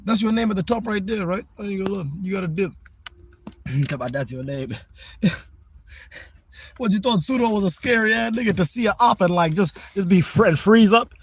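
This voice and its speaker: A man's voice: high voice, normal speed, long pauses, slight background noise. A young man streaming live, chatting casually and brashly in slang straight to his viewers. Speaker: livestreamer. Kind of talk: casual livestream chat.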